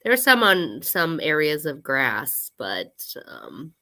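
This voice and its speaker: A young woman co-hosting a casual livestream chat, hoarse and scratchy from an illness, telling self-deprecating stories. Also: deep voice, huge pitch swings, takes it slowly, bright, forceful tone. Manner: chatty storyteller, self-deprecating. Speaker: co-host.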